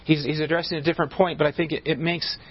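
A man's voice: fairly high pitch, little pitch movement, quick pace, husky, muffled recording. A pastor preaching a sermon, emphatic and often restarting and repeating his words mid-sentence.

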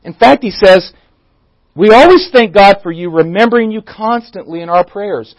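A man's voice: high voice, expressive, normal speed, no room sound, low-quality recording. A man teaching a Bible study in a church, who asks the audience questions, restarts his sentences and leans on key words. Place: church room.

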